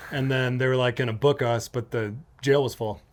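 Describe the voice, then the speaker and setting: Animated storytelling man from Minnesota. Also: medium pitch, moderate pace, a little hiss or hum. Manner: animated, swearing, acts out quotes in raised voice. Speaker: podcast host. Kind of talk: casual storytelling chat.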